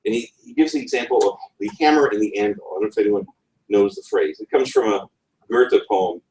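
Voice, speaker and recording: A man with a New England accent giving a conference talk on writing, wry and digressive, often pausing on ums and restarting his phrases. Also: fairly low pitch, darkish tone, slight background noise. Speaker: conference speaker. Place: conference session room. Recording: roomy room, voice from far off.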